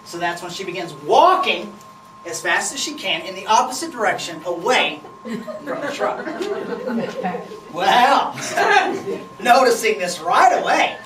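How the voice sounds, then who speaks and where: A woman's voice: mid-range voice, expressive, measured pace, pauses often. A woman telling a funny story, laughing as she goes. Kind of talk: humorous spoken storytelling. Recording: roomy, distant, noisy.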